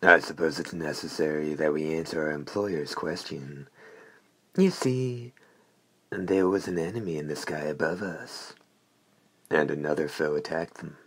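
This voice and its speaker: A man voicing a hoarse, sardonic talking hand in an audiobook, speaking in a cool, matter-of-fact way. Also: a bass voice, unhurried, exaggerated voice. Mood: explaining.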